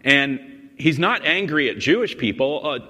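A man's voice: fairly high pitch, lively intonation, moderate pace, bright, forceful tone. A man preaching a sermon as pastor, explaining a text in an emphatic way and often restarting and repeating words. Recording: long reverb in a large hall.

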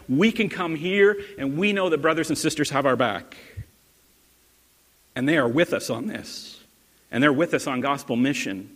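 A man's voice: on the high side, a bit bright. A male pastor giving a sermon in an earnest, conversational way, asking his listeners questions. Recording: long hall reverb.

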